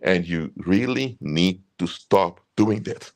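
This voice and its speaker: A man's voice: deep voice, animated, takes it slowly. A man speaking as a consultant, giving earnest, emphatic advice and repeating his key points. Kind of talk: advice talk to camera.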